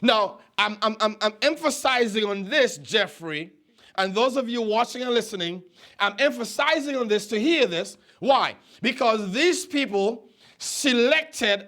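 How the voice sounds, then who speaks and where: A high-voiced man preaching a sermon, middle-aged and from Nevis. He tells his stories with emphatic repetition, and his voice climbs even higher as he exhorts the congregation. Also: a little slow. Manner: emphatic, repeats phrases, rises to high exhortation. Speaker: pastor. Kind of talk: sermon storytelling.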